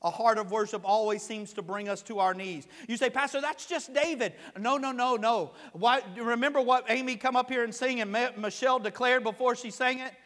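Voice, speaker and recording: Male pastor, very high voice, casual preaching that builds to emphatic shouts, long church reverb. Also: fairly even intonation, fairly quick, few pauses. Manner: conversational preaching that swells to loud emphatic peaks. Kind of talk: sermon. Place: church sanctuary.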